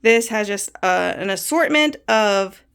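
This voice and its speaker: A woman's voice: medium pitch, expressive, unhurried, creaky, fairly bright tone, clean tone. A woman in her thirties, a bit out of breath, chatting casually while she gives a tour of her home soap room and lists items with easy laughs. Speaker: soap maker giving a studio tour.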